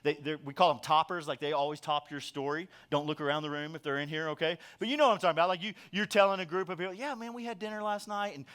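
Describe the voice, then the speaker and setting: A middle-aged man delivers a sermon as pastor, with a voice that sits a little higher than most men's. He talks to the congregation in a loose, conversational way, tossing in jokes and acting out quick bits of dialogue. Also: steady tone, fairly bright tone, smooth. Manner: conversational, joking preaching with acted-out quotes.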